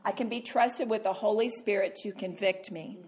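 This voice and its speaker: A woman Christian speaker telling a self-mocking story, animated and laughing often. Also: medium pitch, moderate pace. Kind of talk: storytelling talk.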